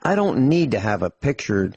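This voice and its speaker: Rambling, husky-voiced man on talk radio. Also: fairly low pitch, big pitch swings, normal speed, a little mellow, no echo, lo-fi sound. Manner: rambling storyteller, frequent restarts, dry humor. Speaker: radio show co-host. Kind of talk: casual radio chat.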